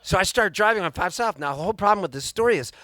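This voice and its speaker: A man with a slightly raised pitch tells a rambling, excitable story to a live audience at a music venue. He throws himself into the voices of the people he quotes. His voice comes through a stage microphone with a dry, close sound. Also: racing, dry recording. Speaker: singer-songwriter performing live. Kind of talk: storytelling between songs on stage.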